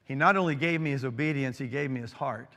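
A middle-aged male pastor delivers a sermon at an ordinary pitch, moving between emphatic, rising declarations and quiet, intimate storytelling. His voice rings with long reverb in a large church sanctuary. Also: fast. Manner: earnest, swings from emphatic to hushed storytelling.

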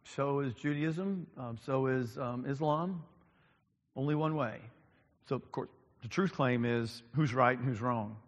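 A male pastor preaches at a mid pitch, pausing often on ums and repeating key lines for emphasis. His voice rings out through a large church sanctuary with a long, trailing reverb. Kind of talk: sermon.

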